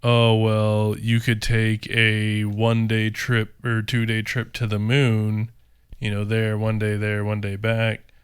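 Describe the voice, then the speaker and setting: A man's voice: lowish voice, monotone, slow, smooth, dry recording, clean studio sound. Rambling male podcast co-host. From rural area. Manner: rambling, many fillers. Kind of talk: casual chat.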